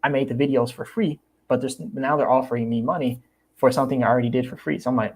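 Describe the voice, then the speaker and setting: A young man chats casually on his livestream. His voice sits at an ordinary, mid-range pitch for a man. He repeats himself and acts out the people he quotes, which keeps his delivery animated. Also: quick pace, slightly rough. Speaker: crypto YouTuber.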